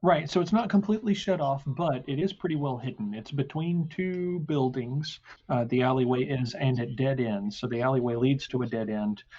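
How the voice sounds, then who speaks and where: A man running a tabletop game as game master, narrating in halting, filler-laden speech. His voice is mid-pitched. The audio is slightly muffled. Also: warm tone, husky.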